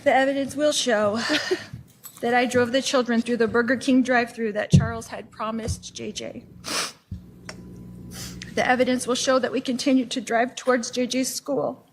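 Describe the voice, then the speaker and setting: A woman delivering a formal courtroom opening statement in a measured way, repeating set phrases. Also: a little high, fairly even intonation, slight background noise, poor audio.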